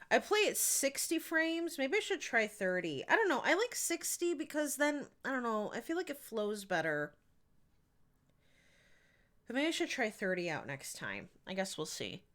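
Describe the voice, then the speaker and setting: A woman's voice: on the high side, very animated, unhurried, sharp tone. A woman streaming a video game, chatting casually and giggling as she rambles. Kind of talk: casual live-stream chat while gaming.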